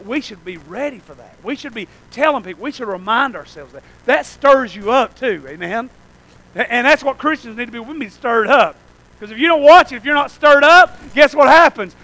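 A man preaching a fervent revival sermon, often calling out "amen?" to the congregation and at times breaking into shouts. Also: lively intonation, a little fast, no room sound, low-quality recording. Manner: breaks into shouts at high points.

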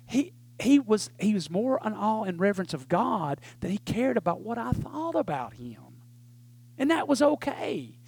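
A male preacher delivers a folksy, animated sermon with frequent "right?" asides. His voice sits very high for a man. The sound is dry and close, with no room echo.

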